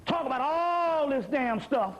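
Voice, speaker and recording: A man's voice: very high voice, animated, a little slow. A man lecturing an audience on spirituality in a profane, streetwise, comic preaching manner. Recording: dull lo-fi lecture recording.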